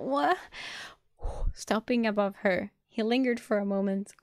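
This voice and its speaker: A woman streamer reading a novel aloud with a dramatic delivery, sometimes breaking into excited reactions. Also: mid-range voice, vocal fry, dry recording, studio quality. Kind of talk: live-streamed audiobook reading.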